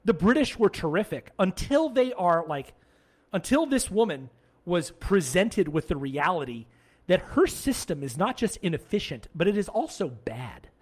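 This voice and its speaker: An American man hosting a podcast, telling an anecdote in casual chat, animated and laughing often. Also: high-pitched, moderate pace, slightly rough. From United States. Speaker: podcast host.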